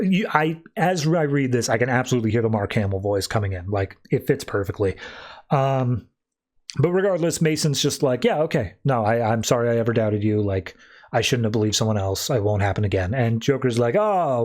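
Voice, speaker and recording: A man's voice: mid-range voice, a little mellow. Casual man recapping a comic plot. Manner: retells the plot, quoting characters in brief put-on voices; filler-heavy, lots of "like" and "uh". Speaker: podcast co-host.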